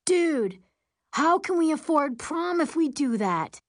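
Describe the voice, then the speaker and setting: Woman reading excitable teen boy, high and loud. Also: a little slow, no room sound, studio quality, natural voice. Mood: excited. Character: brash teenage boy, loud, blunt.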